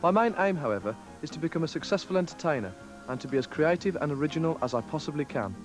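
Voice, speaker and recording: A man's voice: on the high side, animated, fast. A man of twenty, giving a scripted, pun-filled voice-over introduction to himself. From West Midlands, England. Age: 20s. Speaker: talent show contestant. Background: music.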